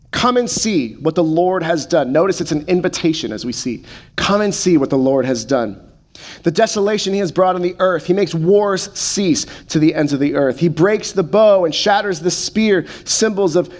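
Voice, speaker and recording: A man in his thirties preaching a sermon, slowing to soft, deliberate pauses on key phrases. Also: fairly high pitch. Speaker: pastor.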